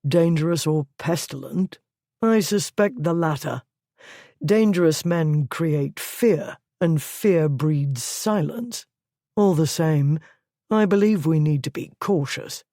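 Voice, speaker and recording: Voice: medium pitch, slow pace, mellow, dry recording, clean studio sound. Narrator playing a stern, menacing duke. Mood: dry calm. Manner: cold, threatening, clipped.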